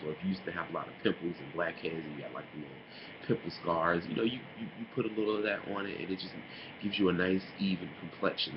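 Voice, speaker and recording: A man in a casual opinion vlog, talking in a sassy, animated way and mocking others with put-on impressions. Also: low-pitched. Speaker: vlogger. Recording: dull lo-fi home recording with noise.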